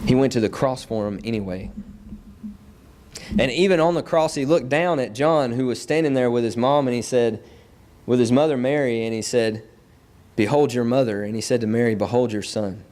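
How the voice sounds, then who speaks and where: A man's voice: mid-range voice, normal speed, a little mellow. A young man preaching a sermon in a church, earnest and building his points through repeated phrases. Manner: earnest, repetitive emphatic phrasing.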